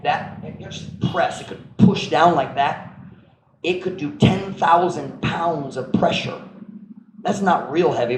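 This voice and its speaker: Animated man preaching in an echoey church. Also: medium pitch. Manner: animated, acts out voices and sound effects, mixes in Cebuano. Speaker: pastor. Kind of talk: sermon. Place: church sanctuary. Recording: echoey church room with faint noise.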